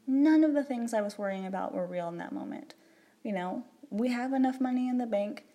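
A woman's voice: a little high, expressive, a little fast, dark tone. A woman talking candidly to camera in a personal vlog, reflecting in a rambling, emotional way with many restarts. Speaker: vlogger.

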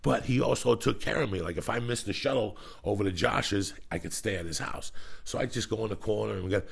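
A man's voice: on the low side, fairly quick, creaky, breathy edge. A man hosting a podcast, telling rambling, profane stories in casual chat. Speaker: podcast host.

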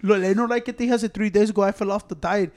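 A man's voice: sits high, steady tone, racing, a little mellow. A man in a casual, profane chat, switching between English and Spanish.

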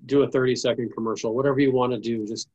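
A podcast host wraps up a casual interview chat, warm and earnest and openly admitting he's getting emotional. He talks very fast with fairly even intonation in a mid-range voice, and the recording is muffled.

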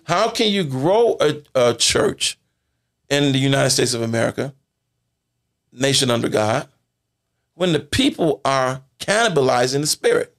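A man's voice: mid-range voice, very animated, measured pace, long pauses, a bit bright. A man in a church talk discussion, speaking in a folksy, exasperated, emphatic way.

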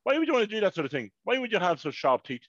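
A man, co-hosting a podcast, telling stories in an animated, swearing rant. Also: high-pitched, racing, no echo. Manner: animated, swearing, ranting storyteller. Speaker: podcast co-host. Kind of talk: casual chat. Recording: dry, dull lo-fi podcast mic.

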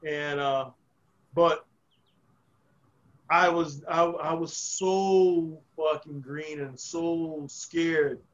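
A man's voice: on the high side, steady tone, drawn-out words, pauses often, highs cut off. A man guesting on a podcast, telling stories in a casual, profane, rambling way with frequent restarts. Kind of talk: casual storytelling.

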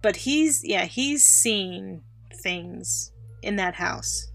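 A woman's voice: medium pitch, extremely slow, gravelly, soft background music. A woman co-hosting a podcast, telling a personal spooky story in a chatty, casual way and acting out the people she quotes. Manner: chatty, animated when quoting others. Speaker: podcast co-host.

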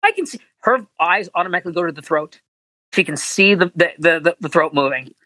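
Man, voice actor guest, bright tone, dry close sound, animated storyteller, casual interview. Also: fairly quick, no room sound, rough recording. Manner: animated storyteller, acts out quotes in high voices.

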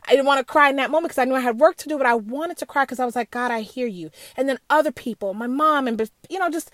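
Mulher de meia-idade, fala sincera e emotiva, som seco. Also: female voice, sits high, quick pace, few pauses, fairly bright tone, dry recording. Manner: earnest, emotional, many restarts and asides. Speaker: speaker sharing a personal faith message. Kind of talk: candid personal reflection.

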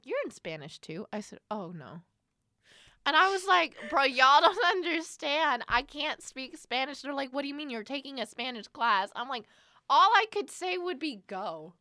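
A young woman co-hosting a casual chat, telling animated stories, swearing and laughing often. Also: a little high, no room sound, clean studio sound.

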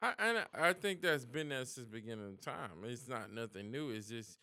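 A man's voice: medium pitch, animated, a little fast, bright, forceful tone, dry recording, clean studio sound. A man co-hosting a podcast, talking in an easygoing casual chat and swearing freely. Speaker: podcast co-host.

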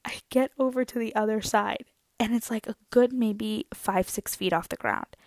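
Animated young woman telling a story. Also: a little high, normal speed, no room sound. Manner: animated, dramatic, self-mocking storytelling. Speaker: vlogger. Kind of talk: casual storytelling to viewers.

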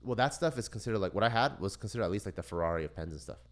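A man on a casual podcast, telling a story in lively, profane fashion and acting out the people in it. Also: on the low side, rapid-fire. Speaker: podcast co-host.

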